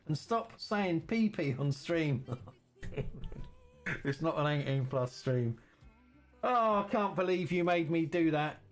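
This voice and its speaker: A man chats casually with his viewers as he plays a farming game, rambling and teasing. His voice sits a little high. Faint music runs underneath. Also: expressive, slow pace, long pauses. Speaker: game streamer. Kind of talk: casual chat while streaming a game.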